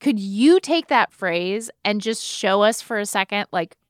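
A woman's voice: medium pitch, lively intonation, unhurried, no room sound, clean studio sound. A woman co-hosting a podcast, chatting casually and asking rambling, self-doubting questions. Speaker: podcast co-host. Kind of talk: casual chat.

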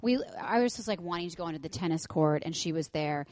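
A woman in her thirties, a podcast co-host, chatting casually and telling lively stories, acting out quotes and swearing. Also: on the low side, fast talker, dry recording. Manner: animated storyteller, acts out quotes, swears. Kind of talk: casual chat.

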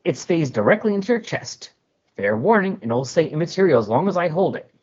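A man voicing a defiant young heroine, pitched high and urgent. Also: big pitch swings, a little fast, darkish tone, husky. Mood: coolly threatening. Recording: dull lo-fi recording.

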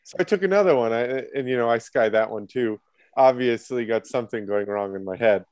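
A man's voice: medium pitch, brisk, darkish tone, clear, resonant tone, no echo. Laid-back man telling a golf story. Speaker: podcast guest, head of production. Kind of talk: casual chat, storytelling.

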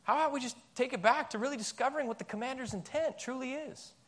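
A male pastor preaching a sermon in a church, emphatic and animated, firing off rhetorical questions. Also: very high voice, quick pace.

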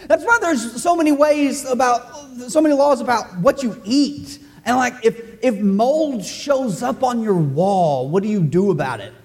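A man's voice: extremely high pitch, animated, measured pace, few pauses, a little mellow. A man preaching a sermon in a church, loose and conversational, cracking jokes and speaking straight to the congregation. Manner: joking, conversational, addresses the congregation directly. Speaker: pastor.

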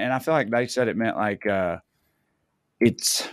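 A man's voice: lowish voice, a little slow, dry recording, studio quality. A man co-hosting a podcast in loose casual chat, rambling and correcting himself with a wry tone. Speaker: podcast co-host.

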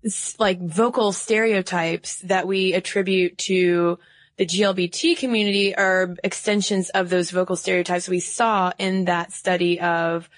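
A woman's voice: on the low side, little pitch movement, unhurried, no echo. A woman from the Southern United States co-hosting a podcast, explaining research in a casual chat and laughing easily. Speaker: podcast co-host.

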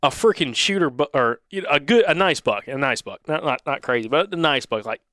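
Guy co-hosting a podcast, rambling quick, acting out what folks said, dry sound. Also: a little high, lively intonation, sharp tone, no echo. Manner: rambling, restarts, acts out quoted dialogue. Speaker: podcast co-host. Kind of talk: casual storytelling chat.

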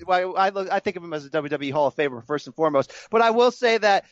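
A man with a high voice, arguing emphatically and lecturing in short, punchy commands. His mic sounds slightly dull and muffled, and the room is dry. He is co-hosting a casual podcast. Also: expressive, fast talker, no room sound. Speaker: podcast co-host. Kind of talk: casual wrestling podcast chat.

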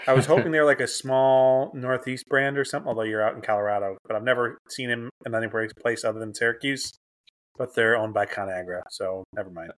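A man's voice: medium pitch, steady tone, fast talker, a bit bright. Joking young man, mid-range voice. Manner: enthusiastic, joking, rattles off lists. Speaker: podcast co-host. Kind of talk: casual chat.

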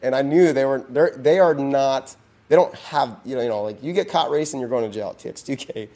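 A man's voice: medium pitch, fairly quick, dark tone. A man, a podcast guest, tells a long story casually, full of restarts and "you know"s.

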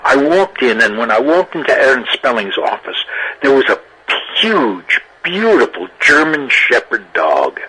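An older male actor recounts his career in an interview, animated and quick to laugh. His voice is bright and forward with a slightly husky grain, and he often stumbles and restarts as he tells his stories. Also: medium pitch, rough recording. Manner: lively anecdotal telling with laughs and restarts. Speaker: actor guest. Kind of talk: interview storytelling.

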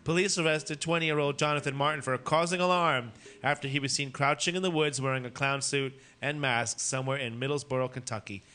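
Bright-voiced man reading odd news wryly. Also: medium pitch, steady tone, a little fast, hardly any pauses. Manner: wry, swears casually. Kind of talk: casual chat, reading news.

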